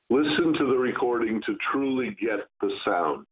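A man teaching Kabbalah, giving a slow, stern lesson on pronouncing Hebrew letters and stretching words to demonstrate. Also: mid-range voice, animated. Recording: tinny phone-like sound.

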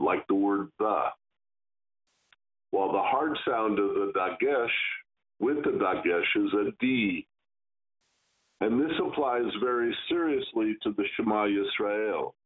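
A man teaching Kabbalah, giving a slow, stern lesson on pronouncing Hebrew letters and stretching words to demonstrate. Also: on the low side. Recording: tinny phone-like sound.

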